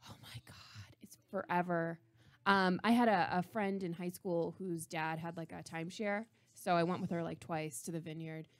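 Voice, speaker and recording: A woman's voice: on the low side, fairly even intonation, normal speed, few pauses. A woman from the Boston area, an actress guest, chatting casually and laughing often on a radio show. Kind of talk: casual chat.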